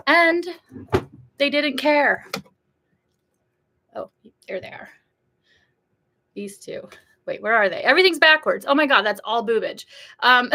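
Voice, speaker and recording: Bright, chatty woman on a livestream. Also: medium pitch. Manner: chatty and emotional, reads viewer comments aloud. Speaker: beauty vlogger on a livestream. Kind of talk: casual livestream chat.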